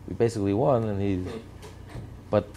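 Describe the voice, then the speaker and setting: Male commentator, gravelly, mellow-toned, insistent repetitive delivery. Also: on the low side, normal speed, a little hiss or hum. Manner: emphatic, repetitive rhetorical lists. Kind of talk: impassioned political commentary.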